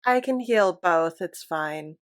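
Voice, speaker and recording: A woman playing a tabletop game, excitable and laughing often. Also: fairly low pitch, takes it slowly, no room sound, studio quality. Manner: animated, laughs a lot, excitable. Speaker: player. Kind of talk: casual tabletop play.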